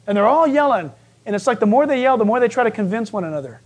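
A male pastor preaching a sermon in an animated, joking way, acting out voices as he goes. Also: high voice, racing.

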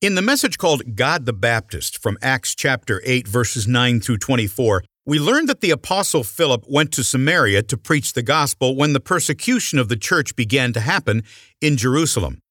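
A man hosting a radio program, reading a scripted introduction in a smooth announcer manner. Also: mid-range voice, very animated, normal speed, fairly bright tone, no echo. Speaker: radio host. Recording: dry studio voice with faint music.

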